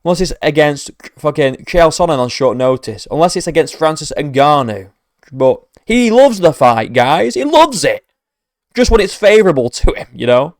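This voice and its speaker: A man's voice: fairly high pitch, big pitch swings, moderate pace, no echo, studio quality. A man giving profane, mocking reaction commentary as an MMA commentator, ranting sarcastically.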